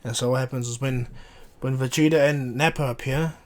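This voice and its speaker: A man casually retelling a fan-made story, rambling along with frequent restarts and fillers. His voice sits mid-pitch for a man and stays fairly flat in tune. He sounds like a hobbyist narrating a what-if tale. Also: fairly quick.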